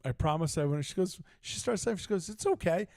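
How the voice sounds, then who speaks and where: A man's voice: on the high side, fast talker, vocal fry, a little mellow, dry recording. A middle-aged man co-hosting a sports talk show, telling a long story in casual chat and acting out both sides of the conversations. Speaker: podcast co-host.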